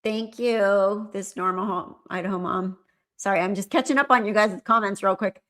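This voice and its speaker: Bright-voiced woman chatting on a live stream. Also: medium pitch, steady tone, normal speed. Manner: chatty, reads and answers viewer comments. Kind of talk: casual live-stream chat.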